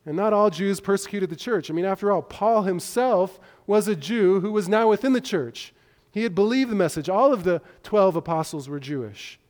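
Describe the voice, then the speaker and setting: A man preaching a measured expository sermon, walking through a passage point by point with small restarts. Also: on the high side, darkish tone. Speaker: pastor. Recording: long echo of a hall.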